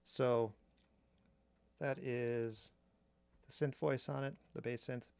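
A man calmly explaining a drum machine's sounds step by step, pausing between phrases as he demonstrates. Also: medium pitch, creaky, over loud music. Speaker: synth reviewer. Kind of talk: technical demo narration. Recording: strong mains hum on the mic.

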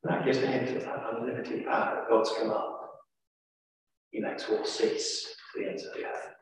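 A man with an English accent preaches in a large church, telling a story with dramatic emphasis. His voice is medium-pitched and level, at a normal speed. Captured from far off, the echoey recording has a little hiss or hum.

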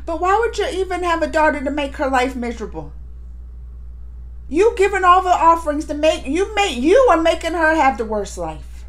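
Woman reaction host, colloquial and emotional, bright high swinging voice. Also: moderate pace. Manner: emotional, animated, talks back to the screen; chatty and colloquial. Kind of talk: casual reaction commentary.

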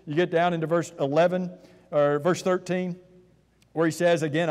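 A slightly high, darkish male voice delivers a sermon at normal speed and in a steady tone, echoing with long church-hall reverb. He is earnest, asks rhetorical questions, and often repeats words as he launches into an idea.

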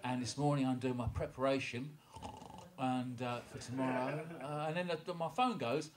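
A man's voice: mid-range voice, steady tone, normal speed, crowd noise. A man telling a rambling, self-mocking story on stage at a small pub gig, stumbling over restarts between songs. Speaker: singer-songwriter introducing a song. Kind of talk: rambling onstage anecdote at a gig. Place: small indoor pub music venue. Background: acoustic guitar.

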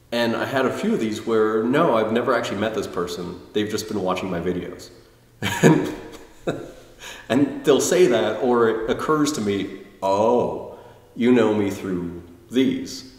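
A man casually reviewing a tai chi workshop, rambling and self-deprecating, with frequent restarts. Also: lowish voice. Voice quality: quiet, introverted. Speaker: tai chi video blogger. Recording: roomy, distant mic with long reverb.

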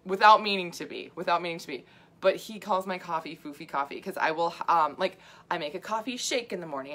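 A middle-aged woman health coach chats casually with viewers on a livestream, full of asides and fillers and laughing often. Her voice is lowish with a fairly bright tone.

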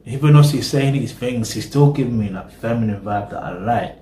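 A man's voice: mid-range voice, fairly quick, warm tone, reverberant, a little hiss or hum. A man hosting a reaction video, rambling casually in slang and talking straight to his viewers.

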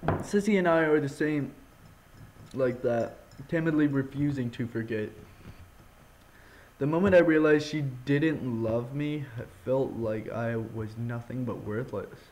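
A man reading game dialogue for a heartbroken, withdrawn young man in a low, subdued murmur. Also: unhurried, noisy background, natural voice. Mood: gloomy.

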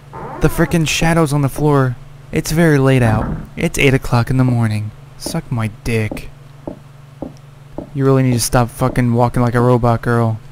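A man's voice: mid-range voice, a little hiss or hum. A man giving casual gameplay commentary, cursing and scolding the game character. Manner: profane, exasperated, yelling at the game character. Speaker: let's play gamer.

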